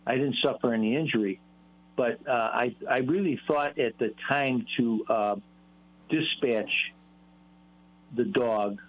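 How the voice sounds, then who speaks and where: A man calling in to a radio show, chatting casually with a halting manner full of fillers. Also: mid-range voice. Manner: hesitant, many fillers and restarts. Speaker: caller. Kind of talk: casual phone-in chat. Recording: dull phone-line sound.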